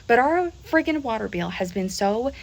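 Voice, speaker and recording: A fed-up woman venting straight to the camera in a fairly high voice. She sounds exasperated, keeps circling back on herself, and throws in mild curses. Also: animated, moderate pace, creaky, low-quality recording. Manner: exasperated, swears mildly, repeats herself.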